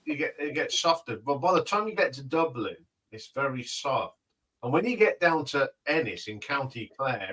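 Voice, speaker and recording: A man telling stories lively in a casual livestream panel chat, laughing as he goes. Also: medium pitch, a little slow, far from the mic, rough recording. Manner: lively storyteller who laughs while talking.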